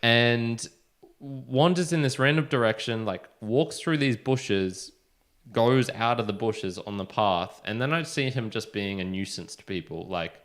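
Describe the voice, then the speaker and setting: A man's voice: mid-range voice, unhurried, a bit bright. A young man co-hosting a podcast, telling a long anecdote in casual chat, full of fillers and acted-out quotes. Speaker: podcast co-host.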